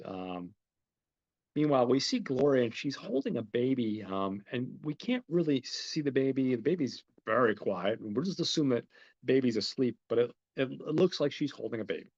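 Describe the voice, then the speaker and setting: A man's voice: medium pitch, lively intonation, moderate pace, lo-fi sound. A man hosting a podcast, recapping a film in a rambling, chatty way and talking straight to his listeners. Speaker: podcast host.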